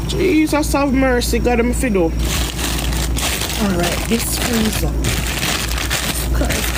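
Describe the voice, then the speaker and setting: A Jamaican woman with a high voice talks to her viewers in a raw, emotional, rambling way, swearing freely as she goes. Faint background noise sits behind her. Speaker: content creator. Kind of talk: casual talk to camera.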